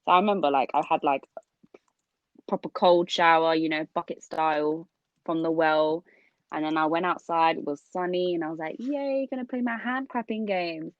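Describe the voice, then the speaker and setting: Young woman co-host, lower voice, lively storyteller, dry recording. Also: normal speed, no room sound, highs cut off. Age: young adult. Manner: animated storyteller, laughs often. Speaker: podcast co-host. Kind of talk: casual storytelling chat.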